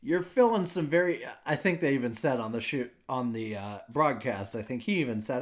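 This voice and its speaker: A man co-hosting a casual sports podcast, jokey and excitable, laughing often as he talks. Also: medium pitch, moderate pace, hardly any pauses. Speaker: podcast co-host.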